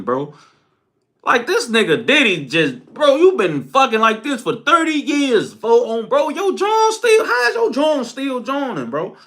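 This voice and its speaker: Very high-voiced ranting young man. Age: young adult. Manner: animated, crude, laughing. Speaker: commentator. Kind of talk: profane solo commentary rant.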